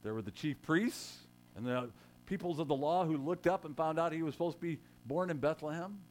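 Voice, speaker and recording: A man's voice: fairly high pitch, a little fast, soft background music. A man preaching a sermon in a conversational way, joking with his congregation and rising to emphatic quotes. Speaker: pastor.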